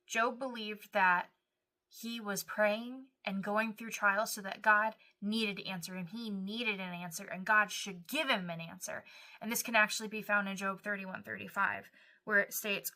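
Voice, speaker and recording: An earnest woman delivers a devotional Bible teaching, acting out short prayers and verses as she goes. Her voice is bright and forceful, with a middle pitch. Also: steady tone, a little slow.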